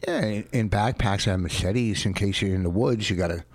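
A man in casual chat who rambles with halting fillers and casual swearing, earnest and defensive. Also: fairly low pitch, no room sound.

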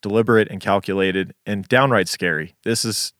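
A man's voice: fairly low pitch, moderate pace, fairly bright tone, no echo, studio quality. A man co-hosting a true crime podcast, telling the case story in a laid-back, casual way and swearing now and then. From Las Vegas. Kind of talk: casual chat and case narration.

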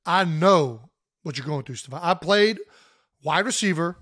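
A man from Ohio co-hosting a podcast, telling stories in an animated, joking way. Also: a little high, moderate pace, dry recording, studio quality. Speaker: podcast co-host. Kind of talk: casual chat.

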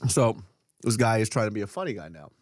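A man co-hosting a podcast, telling a story in casual, profane chat and getting loud when worked up. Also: lowish voice, quick pace, no echo, studio quality. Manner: animated, profane, jumps to shouting when riled. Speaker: podcast co-host. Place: podcast studio.

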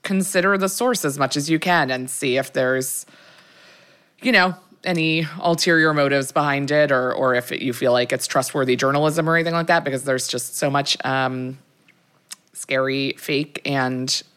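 A woman with a notably low voice chats on a podcast as co-host. She rambles earnestly and sometimes jumps up in pitch for emphasis. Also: moderate pace, fairly bright tone, clean tone. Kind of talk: casual podcast chat.

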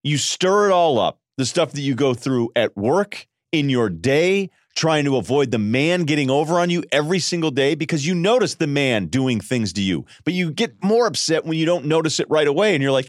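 A man hosting a sports podcast, riffing in an animated, sarcastic solo monologue and mimicking people in quick voices. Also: on the high side, no echo, studio quality. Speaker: podcast host.

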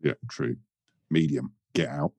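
A man's voice: very deep voice, fairly even intonation, measured pace, warm tone, breathy edge, no room sound. A British man chatting casually on a podcast panel, with dry, teasing banter. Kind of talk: casual chat.

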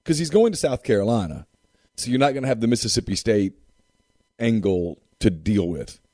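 Low, mellow-voiced man talking sports. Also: lively intonation, moderate pace, no room sound, studio quality. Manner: emphatic, repeats phrases for effect. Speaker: sports talk co-host. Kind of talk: casual sports talk.

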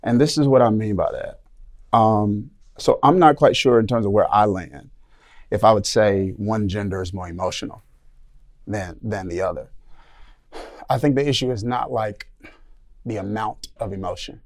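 A man's voice: fairly low pitch, moderate pace, pauses often. Thoughtful man in a panel talk. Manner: thoughtful, searching for words. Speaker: panel guest. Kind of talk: casual panel discussion.

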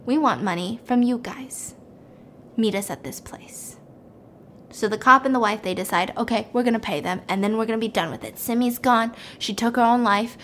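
A woman's voice: on the high side, sharp tone, slight background noise. A young woman casually retelling a film plot, acting out the characters' lines with voices and dropping to a whisper for the menacing ones. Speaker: storyteller recapping a film plot. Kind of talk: animated casual plot recap.

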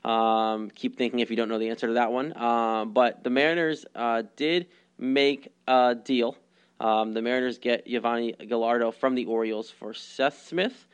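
A young man co-hosts a laid-back baseball podcast, speaking at an ordinary mid pitch. He stalls often with ums and breaks into easy laughter. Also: fairly even intonation, moderate pace, clear, resonant tone. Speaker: podcast co-host. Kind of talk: casual sports chat.

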